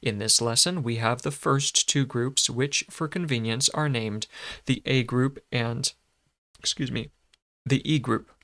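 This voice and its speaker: A man's voice: mid-range voice, measured pace, pushed and bright. A man teaching a shorthand lesson, patiently sounding out words and correcting himself as he goes. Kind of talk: explaining a lesson.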